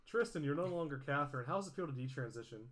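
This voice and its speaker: A man hosting a casual livestream podcast, bantering quickly with lots of stammered restarts. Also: a little high, lively intonation, fairly bright tone. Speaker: podcast host.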